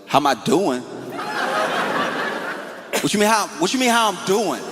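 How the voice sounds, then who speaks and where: A man's voice: high voice, sing-song, pitched above the performer's own voice. A man voicing a touchy, hot-headed guy who fires back the same angry question over and over. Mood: indignant. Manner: rapid repetitive shouting. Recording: live venue, long reverb, audience noise.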